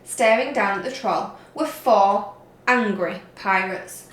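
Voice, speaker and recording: A woman teacher reading a story aloud to young children, slowly and expressively. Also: medium pitch, echoey room. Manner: slow, expressive read-aloud. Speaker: reception teacher.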